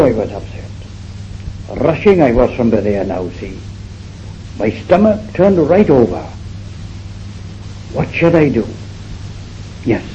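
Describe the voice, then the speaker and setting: A man's voice: mid-range voice, dark tone. A man with a Welsh accent playing a fretful, gossiping housewife in a comic monologue. He is flustered and breathless and keeps repeating himself. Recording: dull old recording with faint hiss.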